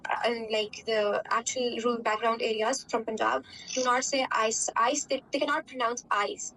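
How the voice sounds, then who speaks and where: A woman's voice: fairly high pitch, steady tone, moderate pace, fairly bright tone, slight background noise, rough recording. A young woman from Pakistan with a Pakistani English accent, answering interview questions in a chatty way, with many fillers and "right?" tags. Her first language is Urdu.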